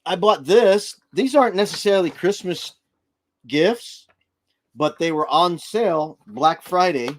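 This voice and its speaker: A middle-aged man co-hosts a casual livestream, his voice sitting a little high. He tells family stories with animation and slips into voices as he goes. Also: unhurried. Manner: animated storyteller who acts out voices. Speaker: livestream co-host.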